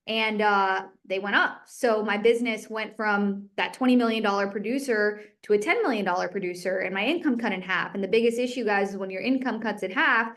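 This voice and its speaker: Candid, energetic woman telling her story. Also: mid-range voice, brisk, few pauses. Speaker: guest speaker, real estate agent. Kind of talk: motivational talk.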